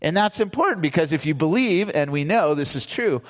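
A man preaches from the pulpit, his slightly higher voice carrying a long reverb through the hall. He retells scripture with earnest emphasis, acting out the quoted lines as he goes. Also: expressive, a little fast. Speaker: pastor. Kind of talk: sermon.

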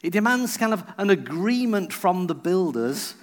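A man's voice: high-pitched, big pitch swings, moderate pace. A man preaching a sermon as a visiting preacher, telling a personal story and acting out the people he quotes.

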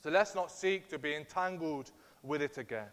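Earnest preacher in an echoing hall. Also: male voice, on the high side, moderate pace, fairly bright tone. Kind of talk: sermon. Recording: long reverb of a large hall.

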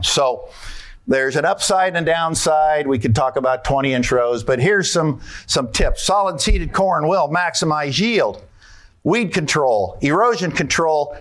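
A man giving a folksy conference talk on farming, asking the audience questions and walking through his slides. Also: mid-range voice.

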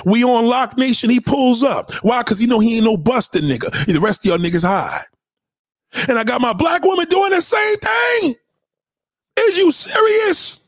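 Brief: male livestream host, high-pitched and very animated, profane combative rant, dry close sound. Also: normal speed, no echo. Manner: profane, combative, repeats himself. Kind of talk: unscripted rant to a live chat.

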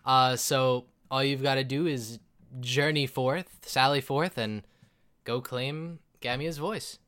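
Un uomo che fa un mutaforma beffardo. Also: male voice, mid-range voice, fairly even intonation, takes it slowly, fairly bright tone, clean tone. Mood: dismissive. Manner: flippant, offhand and teasing. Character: smug male changeling guild quest-giver.

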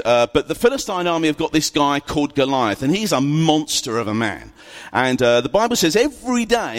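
A man's voice: a little high, fairly bright tone. A man preaching a sermon, retelling a story in a conversational way with humorous asides. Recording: long reverb of a large hall.

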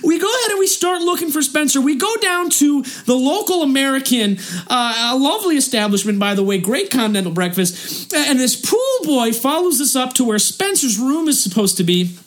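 A woman hosting a podcast, telling a comic story in a rambling way full of restarts and fillers, and shouting in the action scenes. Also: sits high, animated, a little fast. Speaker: podcast host. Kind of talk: comedic storytelling.

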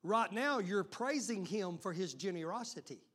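Male preacher, high and bright, fiery sermon delivery with loud shouts and quiet asides. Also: lively intonation, moderate pace, breathy edge. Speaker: pastor.

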